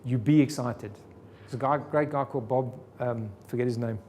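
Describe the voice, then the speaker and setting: A man's voice: mid-range voice, fairly even intonation, moderate pace, a little mellow, slight background noise. A man teaching a sales seminar to a live audience, firing rhetorical questions at the room. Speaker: sales trainer.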